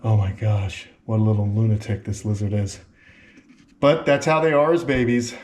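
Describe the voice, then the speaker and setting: A man's voice: on the low side, steady tone, normal speed, a little mellow. A man hosting a casual vlog at a reptile sanctuary, talking with enthusiasm to the camera and to the animals, recorded on a camera mic indoors. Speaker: vlog host at a turtle and tortoise sanctuary.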